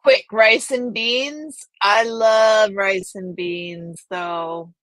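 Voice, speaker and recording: A woman's voice: mid-range voice, steady tone, very slow, a bit bright, no room sound. A woman hosting a casual live stream, chatting with viewers and reading their names aloud. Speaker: livestream host.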